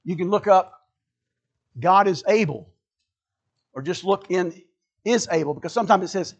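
A man's voice: high-pitched, moderate pace, husky, highs cut off. A male pastor preaching a sermon, emphatic and conversational, repeating key phrases for stress and turning to the congregation with asides.

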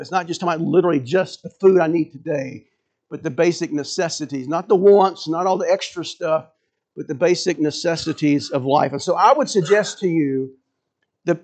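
High-voiced pastor preaching conversationally. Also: male voice, darkish tone. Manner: conversational preaching with frequent restarts and rhetorical questions. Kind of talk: sermon.

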